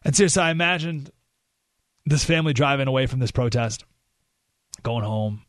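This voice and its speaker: A man hosting a talk radio show, telling a story in an animated, emphatic way with rising indignation. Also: on the high side, brisk, pauses often, dry recording, studio quality. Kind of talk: opinionated radio monologue.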